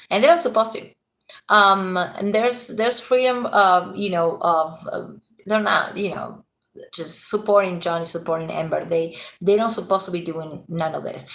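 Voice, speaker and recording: A woman's voice: on the low side, fairly bright tone. A tired woman ranting casually to her viewers in an agitated, rambling way, swearing freely. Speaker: vlogger. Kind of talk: casual rant to camera.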